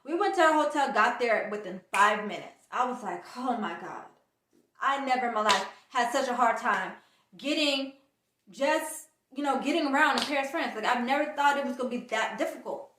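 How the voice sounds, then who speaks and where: A woman's voice: on the high side, normal speed, background noise. Woman vlogger telling a story in an echoey room. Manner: animated storyteller, acts out quoted dialogue. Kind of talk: casual storytime vlog. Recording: echoey room, distant mic.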